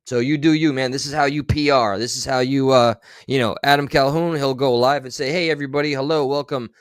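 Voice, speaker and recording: A man's voice: medium pitch, steady tone, brisk, smooth, no room sound. A man commenting on clips in a livestream, blunt and sarcastic, with a lot of swearing. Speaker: streamer commentator. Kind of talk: profane commentary over played clips.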